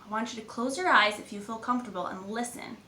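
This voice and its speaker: Jane, high bright-voiced kids' guide woman playing. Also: fast talker, a little hiss or hum. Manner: upbeat, encouraging, talks to children. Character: cheerful young woman adventurer, friendly guide. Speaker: kids' movement and mindfulness instructor. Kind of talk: guided movement lesson for children. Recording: echoey room, faint ambience.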